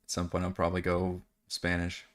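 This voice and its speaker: A man's voice: sits low, completely flat delivery, normal speed. A man with a Texan accent, chatting and laughing often as the game master of a tabletop game. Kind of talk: casual out-of-game table chat.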